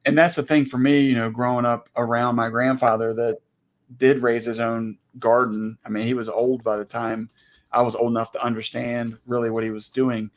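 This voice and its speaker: A man co-hosting a casual livestream chat, speaking haltingly as he thinks aloud. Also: medium pitch, little pitch movement.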